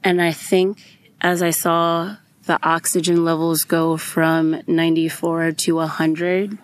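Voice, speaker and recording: A woman's voice: deep voice, flat delivery, slow pace. A young adult woman hosting a podcast, telling a personal story in a candid, emotional way and swearing freely. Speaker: podcast host.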